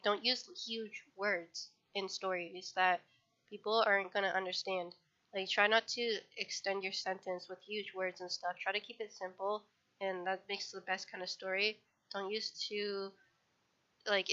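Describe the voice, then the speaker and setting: Bright-voiced woman chatting on a stream. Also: mid-range voice. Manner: rambling, self-correcting, laughs at herself. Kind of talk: casual livestream chat. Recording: dull lo-fi stream audio.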